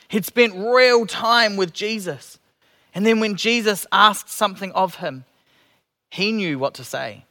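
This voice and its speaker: A man delivering a sermon in a slow, measured, reflective way, letting phrases fall soft at the ends. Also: sits high. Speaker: preacher.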